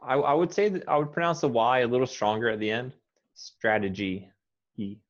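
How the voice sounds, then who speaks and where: A man with an American accent, teaching pronunciation and patiently modelling words slowly, one at a time. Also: mid-range voice, animated. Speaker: English teacher. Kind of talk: pronunciation coaching. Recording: dull lo-fi audio.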